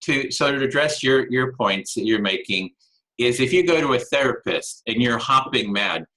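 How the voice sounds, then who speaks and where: A man hosting a conversational interview, talking in a halting way with many restarts and fillers. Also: medium pitch, animated, sharp tone, low-quality recording. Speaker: interview host.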